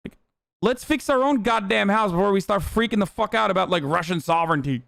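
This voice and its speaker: High-pitched ranting male streamer. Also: fairly quick, creaky, fairly bright tone, no echo, studio quality. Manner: heated, ranting, sarcastic. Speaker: streamer reacting to news. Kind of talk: casual profane political commentary.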